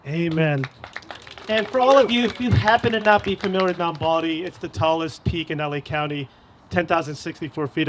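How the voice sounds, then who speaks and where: A man's voice: a little high, a little hiss or hum. A man hosting a live podcast panel, upbeat and informative as he adds facts. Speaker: podcast host. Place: live event at a cafe.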